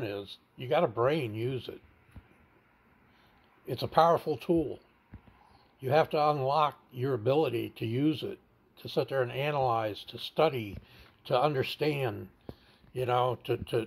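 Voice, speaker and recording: In an interview, a man with a medium-pitched, creaky, husky voice candidly tells a personal story. He's blunt and plain-spoken, stammering and repeating words as he recounts it.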